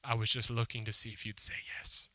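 Bright-voiced male pastor telling a story. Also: mid-range voice, level tone, a little fast, no room sound. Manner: storytelling with acted quotes, emphatic and conversational. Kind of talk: sermon. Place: church hall before a congregation.

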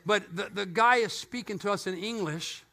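Middle-aged male pastor, high and bright voice, animated storytelling sermon with playful asides. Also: normal speed.

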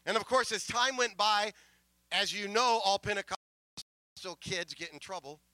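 A middle-aged male pastor telling a story in a sermon, emotional, with many stammering restarts, swinging from soft asides to loud proclamations. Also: high-pitched, moderate pace, no room sound.

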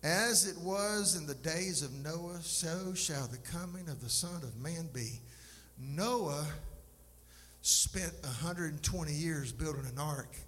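A pastor preaches an emphatic, impassioned sermon in a church sanctuary, dropping folksy asides to his congregation. His voice is on the high side, slow and a bit bright. The live recording carries long reverb and faint noise.

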